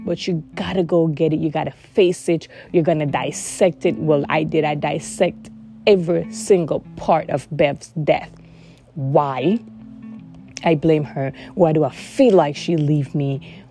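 A woman's voice: low voice, dark tone. A woman speaking earnestly in a heartfelt casual monologue, repeating words for emphasis. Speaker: vlogger sharing personal experience.

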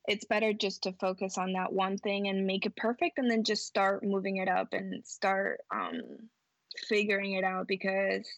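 A woman's voice: medium pitch, fairly bright tone, dry recording. A woman entrepreneur talking casually as a podcast guest, rambling and reflective, often acting out her own past thoughts.

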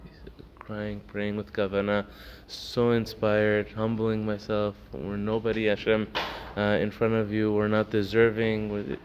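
Guy teaching a torah class, lowish voice, dull lo-fi sound w/ a bit of hiss, chatty storytelling. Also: completely flat delivery, measured pace, hardly any pauses. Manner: storytelling, acts out characters, many fillers. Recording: dull lo-fi recording with faint noise.

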